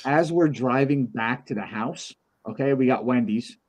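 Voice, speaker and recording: A man's voice: mid-range voice, moderate pace, darkish tone. A man on a podcast telling a long personal story in casual chat, acting out the voices in it and swearing freely. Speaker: podcast co-host.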